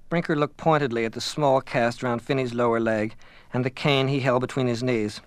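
Male audiobook narrator, measured and dry. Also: mid-range voice, fairly even intonation, dry recording. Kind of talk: scripted first-person narration.

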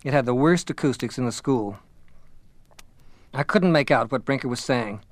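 A man reading a novel aloud in measured, even first-person narration. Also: mid-range voice, no room sound. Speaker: audiobook narrator.

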